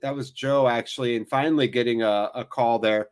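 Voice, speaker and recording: A man's voice: mid-range voice, fairly even intonation, fairly quick, few pauses, clear, resonant tone. A man hosting a live watchalong, giving casual, jokey play-by-play with rambling asides. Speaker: watchalong host. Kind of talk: casual live match commentary.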